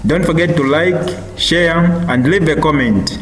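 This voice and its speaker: A man's voice: fairly high pitch, a little slow, fairly bright tone. A man hosting a YouTube channel, greeting viewers and asking them to subscribe. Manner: promotional, asks viewers to subscribe. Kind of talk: channel intro and outro. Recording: roomy hall echo, faint noise.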